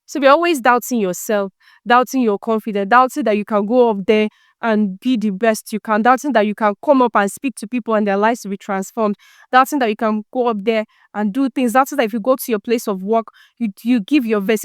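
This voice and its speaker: A woman's voice: fairly high pitch, no echo, clean studio sound. A woman hosting a motivational self-help talk, preachy and teasing, full of rhetorical questions. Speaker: self-help podcast host.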